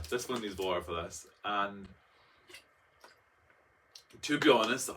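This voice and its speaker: Young man, bright tense tone, chatty and dramatic, set back from the mic. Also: on the low side, a little hiss or hum. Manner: chatty, dramatic, full of fillers and mock-quotes. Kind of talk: casual storytelling vlog. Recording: voice a bit far from the mic.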